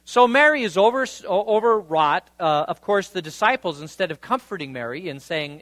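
A man delivers a sermon in a high, bright voice, alternating scripture reading with loose, chatty retellings. The sound is dry and close, with no room around him. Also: lively intonation, moderate pace, no room sound. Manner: conversational, retells scripture in casual paraphrase. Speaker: pastor.

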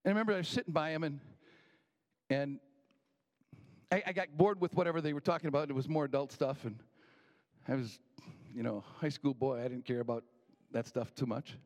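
A slightly higher-voiced man telling a story in a folksy, unhurried manner. He circles back and restarts now and then, like someone talking at a table. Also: darkish tone. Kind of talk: personal storytelling.

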